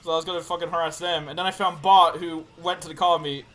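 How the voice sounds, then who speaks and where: A young man co-hosting a podcast, recounting game stories in a casual chat, swearing freely and acting out quotes loudly. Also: on the high side, fairly even intonation, fast. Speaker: podcast co-host.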